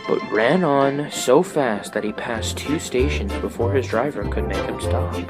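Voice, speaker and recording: A man narrating a children's storybook aloud with an expressive reading. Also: mid-range voice, unhurried, over loud music, poor audio.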